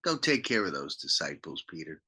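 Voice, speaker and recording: A man voicing a calm, gentle male teacher, speaking softly and patiently. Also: medium pitch, unhurried, heavily acted.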